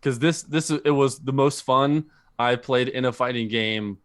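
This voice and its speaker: A man's voice: mid-range voice, unhurried, a bit bright, clean tone, no echo, clean studio sound. A man co-hosting a podcast, chatting casually about movies and rambling with lots of fillers and restarts. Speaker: podcast co-host. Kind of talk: casual chat.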